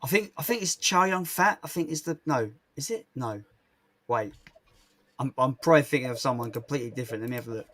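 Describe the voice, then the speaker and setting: A young man in casual stream chat, reading out viewer questions, hesitant and self-deprecating, often clearing his throat. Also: medium pitch, fast, fairly bright tone.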